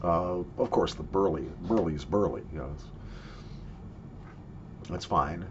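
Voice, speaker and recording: A man's voice: sits low, a little slow, highs cut off, background noise. A man in a casual product review, chatty and jokey, coughing and sniffing between his remarks. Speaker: snuff reviewer.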